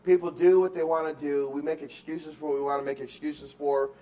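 A man preaching a sermon in a high voice. He drifts between soft, reflective stretches and loud, insistent exhortation, and he repeats words and restarts as he goes. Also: flat delivery, a little fast. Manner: swings from quiet musing to loud emphatic exhortation; acts out excuses in quoted voices. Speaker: pastor.

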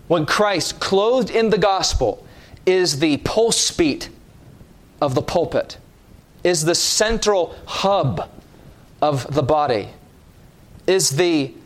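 A man preaching a sermon with slow, emphatic delivery, stressing key words and dropping his voice at line ends. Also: on the high side, fairly bright tone.

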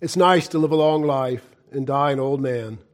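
A middle-aged male pastor preaching a fiery sermon, swinging from loud cries to hushed, low warnings. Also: normal speed.

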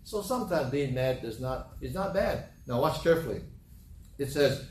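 In his sermon, a middle-aged pastor leans on homely, folksy storytelling and repeats himself. His medium-pitched voice is expressive at normal speed, captured by a distant mic in a roomy setting with faint ambience and slight background noise.

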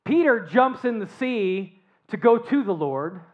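A pastor preaching a sermon, telling the story with animated rhetorical questions and often dropping to a hushed tone. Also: mid-range voice, unhurried. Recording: dull lo-fi sermon recording.

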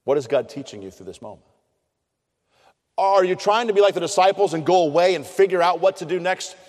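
A man's voice: high-pitched, lively intonation, a little fast, a little mellow. A middle-aged man preaching a sermon, telling a story in an earnest, conversational way. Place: chapel. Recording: long hall reverb.

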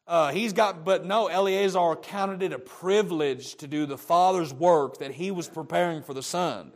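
A man's voice: fairly high pitch, moderate pace, few pauses. A man preaching a sermon, emphatic and repetitive, often restarting his phrases.

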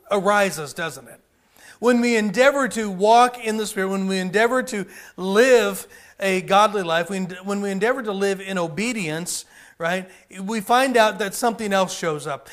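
A man's voice: high-pitched, a bit bright. A man preaching a sermon in a folksy way, repeating phrases and using many fillers. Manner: calls people up for a live demonstration.

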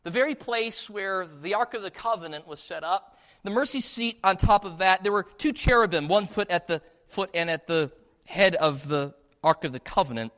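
A man's voice: high voice, normal speed, fairly bright tone. A man preaching a sermon in a church service, putting many questions to the listeners. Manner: asks the congregation many rhetorical questions.

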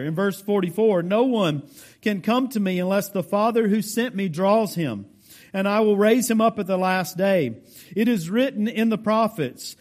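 A pastor from the United States giving a verse-by-verse teaching sermon. He explains with care, lands hard on key words, and speaks straight to his congregation. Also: sits high. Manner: deliberate, explanatory, stresses key words emphatically.

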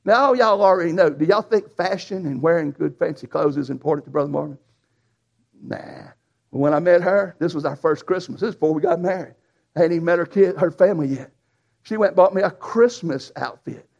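A preacher who tells a folksy, animated story in a sermon. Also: male voice, fairly high pitch, brisk, gravelly. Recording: dull lo-fi sound.

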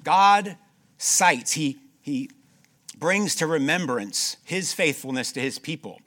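A man with a fairly high voice preaches animatedly, moving from loud, emphatic stretches to soft, slower passages. He repeats key phrases and puts rhetorical questions to the congregation.

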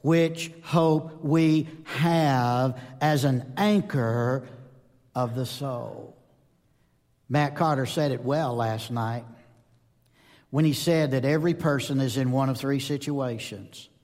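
Preacher with a lively sermon voice. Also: male voice, medium pitch, slow pace. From North Georgia, US. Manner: emphatic, asks the audience questions, swings between loud and soft. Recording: long hall reverb.

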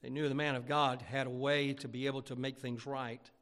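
A man's voice: mid-range voice, little pitch movement, fairly quick, fairly bright tone, long reverb tail. A man pastor preaching a fervent, emphatic sermon in a church sanctuary.

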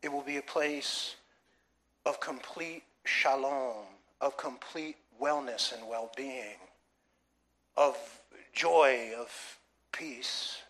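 A man's voice: mid-range voice, very slow, a bit bright. A man preaching a sermon in a church, emphatic, with many rhetorical questions to the congregation. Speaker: pastor.

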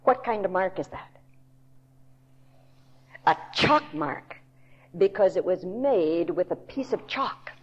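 A woman Bible teacher giving a sermon in a deliberate, emphatic storytelling manner. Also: on the low side, lively intonation, darkish tone. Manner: slow, deliberate, emphatic storytelling with quoted voices. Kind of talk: recorded sermon to a women's audience. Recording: dull lo-fi tape recording.

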